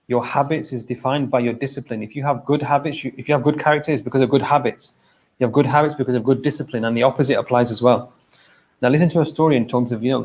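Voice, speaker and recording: A man's voice: mid-range voice, poor audio. Man giving a casual mosque talk. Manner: conversational, repeats himself, keeps checking in with "okay?". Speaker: mosque speaker. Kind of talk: informal religious talk.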